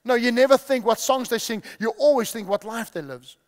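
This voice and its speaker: Speaking fairly quickly in a very high-pitched voice, a male preacher delivers a sermon, repeating key phrases and putting questions to his audience. The long reverb of the large church hall is audible in the recording.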